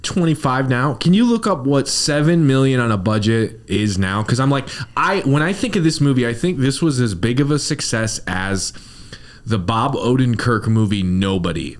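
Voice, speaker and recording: A man's voice: mid-range voice, moderate pace. A man co-hosting a film podcast, joking casually and steering the talk to the next segment. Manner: lively, joking, runs the segments. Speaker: podcast co-host. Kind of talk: casual chat about films.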